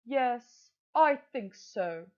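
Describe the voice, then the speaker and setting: Lady teacher doing a sneaky smooth-talking fox guy, slow and sweet, lively pitch, dull lo-fi audio. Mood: flattering. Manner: slow, sugary, flattering. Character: sly flattering male fox, smooth talker. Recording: dull lo-fi recording.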